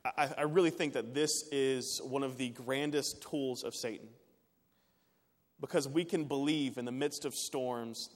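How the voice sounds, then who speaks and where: Preaching man in an echoing hall. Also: medium pitch. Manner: earnest, builds to emphatic peaks then drops quiet. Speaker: pastor. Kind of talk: sermon. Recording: long reverb of a large hall.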